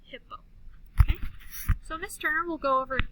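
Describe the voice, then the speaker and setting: A high-voiced woman patiently teaches first graders phonics in a recorded classroom lesson, sounding out each word slowly and clearly while noise fills the background.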